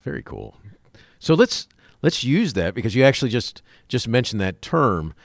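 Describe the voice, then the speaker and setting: A man's voice: mid-range voice, very animated, normal speed, dry recording. A man hosting an interview, chatty and enthusiastic as he asks questions. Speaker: interview host. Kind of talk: interview conversation.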